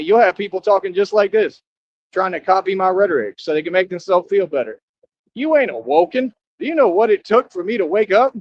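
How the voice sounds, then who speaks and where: Boastful man ranting on a lo-fi stream. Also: on the high side. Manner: boastful, defiant, repeats himself; talks straight to his viewers, scolding them. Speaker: livestreamer. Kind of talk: rambling livestream monologue. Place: outdoors near a highway.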